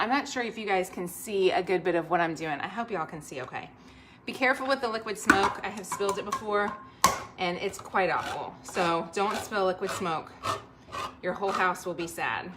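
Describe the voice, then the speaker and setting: A woman's voice: medium pitch, heavy background noise. A woman hosting a live cooking stream, chatting upbeat and straight to her viewers while she cooks in her home kitchen. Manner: upbeat, talks straight to viewers, reads out comments. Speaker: host of a cooking livestream.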